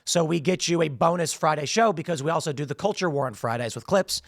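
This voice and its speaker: A male political commentator with a strained, hoarse voice that sits high and gravelly. He speaks emphatically and often repeats words as he restarts sentences. The sound is close and dry, with no room around it. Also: fast talker, no room sound. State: losing his voice, strained throat. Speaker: show host.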